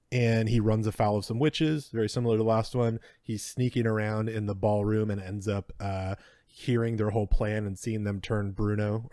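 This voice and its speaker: A man co-hosting a podcast in relaxed casual chat, full of ums and wry asides. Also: on the low side, dry recording, studio quality. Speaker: podcast co-host.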